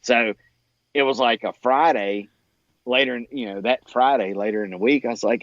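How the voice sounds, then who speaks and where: A man telling a long story in casual conversation, acting out what others said in a higher voice and laughing often, with plenty of fillers. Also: normal speed, no echo, lo-fi sound. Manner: animated, acts out quoted dialogue in a higher voice. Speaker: podcast guest.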